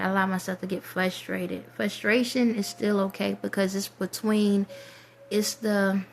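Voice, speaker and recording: Woman vlogger, reflective and rambling, soft trailing whispers, faint background hiss. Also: medium pitch. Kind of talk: casual spiritual monologue.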